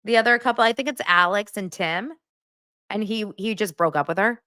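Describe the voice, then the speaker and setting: Talking a little fast, a woman in her forties hosts a podcast recorded at studio quality without room sound. Her casual pop-culture recap about TV is lively, full of laughter, with quotes acted out in a higher voice.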